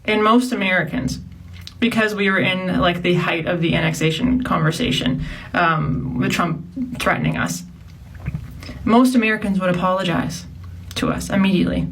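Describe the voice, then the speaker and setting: A young woman from Canada ranting in a casual vlog, animated and full of "like" fillers. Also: fairly low pitch, normal speed, far from the mic, a little hiss or hum, poor audio.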